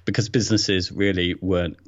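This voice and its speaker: A man's voice: sits low, level tone, brisk, lo-fi sound. A man co-hosting a podcast in casual chat, often repeating words as he starts a thought. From England. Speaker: podcast co-host.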